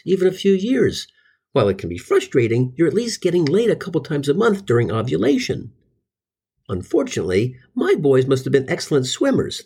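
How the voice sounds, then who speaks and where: A man in his forties, a comedy host, telling crude, exaggerated stories about family life in a husky voice. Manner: crude, exaggerated, bursts into high excited jabs. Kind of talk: comic storytelling monologue.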